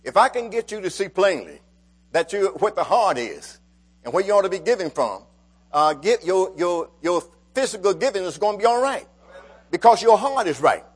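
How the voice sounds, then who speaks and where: Man, high voice, preaching a sermon with call-outs to the congregation. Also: sing-song, normal speed, husky. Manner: calls out to the congregation, rising and falling emphasis.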